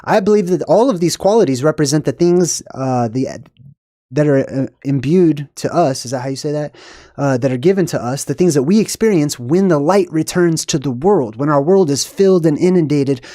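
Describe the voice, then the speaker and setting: A man's voice: a little high, normal speed, warm tone, no room sound, clean studio sound. A man hosting a casual live video, reading passages aloud and then commenting on them in a rambling, thinking-aloud way with many fillers. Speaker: host of a live video on symbolism. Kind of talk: casual explanatory livestream talk.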